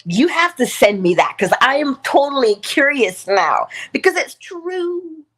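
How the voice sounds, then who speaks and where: Animated woman hosting a morning livestream. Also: high voice, unhurried. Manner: animated, laughing, emphatic. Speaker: host. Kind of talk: inspirational morning livestream talk.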